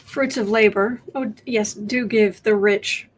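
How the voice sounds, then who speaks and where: A woman's voice: medium pitch, steady tone, slow pace, a little hiss or hum. A woman hosting a casual tarot livestream, chatting and thinking aloud as she reads viewer questions. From United States. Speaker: tarot reader and livestream host. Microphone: webcam.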